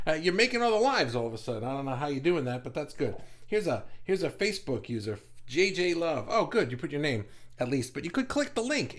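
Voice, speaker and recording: A man's voice: a little high, a bit bright. Playful man hosting a live stream. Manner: playful, chatty, teasing. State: talking with a mint in his mouth. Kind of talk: casual live-stream chat, greeting viewers and reading comments.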